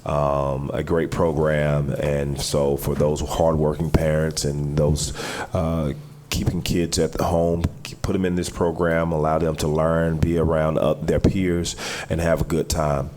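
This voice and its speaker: A man with an extremely deep voice makes announcements as a councilman. He speaks haltingly and pauses often, with faint room noise behind him. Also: flat delivery, darkish tone. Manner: halting, many fillers. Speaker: city councilman. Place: city council chamber.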